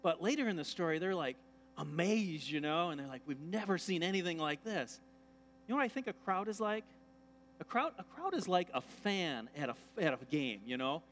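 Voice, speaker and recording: A pastor preaches a sermon in a church sanctuary, his slightly high, sing-song voice moving a little fast over slight background noise. He's conversational and jokey, acting out the voices of people he quotes.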